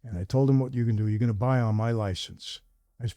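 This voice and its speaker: Older man, mellow voice, telling a long story. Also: mid-range voice, fast, dry recording, clean studio sound. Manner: animated storyteller acting out quoted dialogue. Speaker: host. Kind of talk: conversational storytelling.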